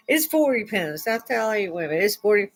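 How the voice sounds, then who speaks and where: A woman's voice: medium pitch, big pitch swings, moderate pace, soft background music, poor audio. An older woman hosting a casual live-stream chat from home, chatty and laughing often. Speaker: host.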